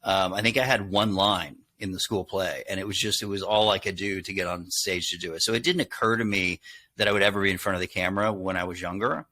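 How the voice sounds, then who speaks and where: Middle-aged texas guy telling stories on a podcast, bright punchy voice, kinda low. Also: fast, a little hiss or hum. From Texas, USA. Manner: animated storyteller, acts out quotes. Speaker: guest, handwriting expert. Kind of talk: casual interview talk.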